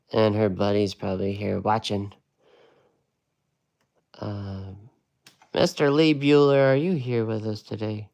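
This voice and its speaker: A man's voice: on the low side, steady tone, takes it slowly, gravelly, pauses often, a little mellow. A man teaching a casual live watercolor lesson, chatty and rambling with laid-back slang. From United States.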